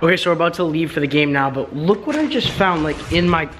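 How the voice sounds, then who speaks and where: A man's voice: a little high, animated, fast talker, noisy background. A teenage guy vlogging in a rambling, joking, self-mocking way, filmed on a handheld camera. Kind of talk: casual vlog.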